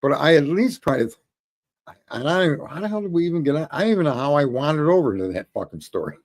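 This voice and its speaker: A middle-aged man telling a story in a casual monologue, his voice sitting a little high. His pitch swings widely as he goes, and he swears freely and laughs often. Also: quick pace. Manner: profane, animated, laughing often. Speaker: host.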